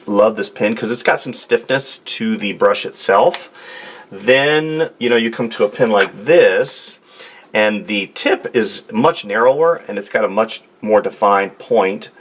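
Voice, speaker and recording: A male artist with a lowish voice speaks a little slowly while giving a drawing demonstration at his home studio desk. He rambles casually, joking and talking to himself as he draws.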